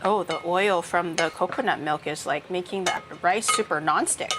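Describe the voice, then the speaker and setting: A woman's voice: fairly low pitch, moderate pace, hardly any pauses, background noise. A woman chatting casually with viewers while she cooks on a live stream, swearing now and then. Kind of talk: casual chat while cooking. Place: home kitchen.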